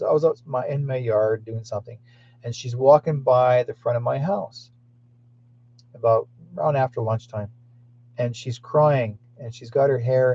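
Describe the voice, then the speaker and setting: A man's voice: medium pitch, dark tone, highs cut off. A man hosting a psychic talk show, telling stories in a rambling way with many restarts and reading viewer comments aloud.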